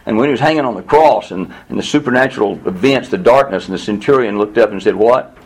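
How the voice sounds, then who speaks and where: A man at mid pitch leads a Bible class. He reads a verse, then talks it through with the group in an easy, conversational manner. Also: fast, husky, low-quality recording. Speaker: pastor teaching a Bible study. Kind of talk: expository Bible teaching.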